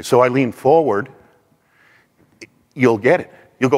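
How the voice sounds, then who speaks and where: A man teaching a class in an animated way, acting out the people he quotes. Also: mid-range voice, takes it slowly, long pauses. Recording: long hall reverb.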